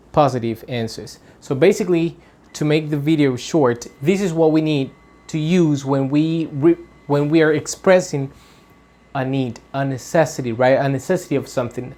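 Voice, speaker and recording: A man's voice: a little high, a little mellow. English teacher man, patient and repetitive. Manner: explains slowly, repeats example sentences, checks in with "right?". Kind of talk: online pronunciation lesson.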